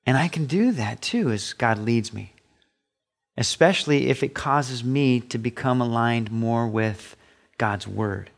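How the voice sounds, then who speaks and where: A middle-aged man preaching a sermon as pastor, emphatic, rising high when he acts out voices. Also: unhurried, vocal fry. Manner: emphatic preaching, pitch rising sharply on quoted asides.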